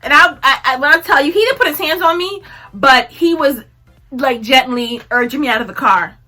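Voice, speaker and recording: Young woman doing a storytime vlog, high bright voice, keeps laughing and acting out the quotes, soft music behind. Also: moderate pace. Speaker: vlogger telling a story. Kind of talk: casual storytime while tweezing.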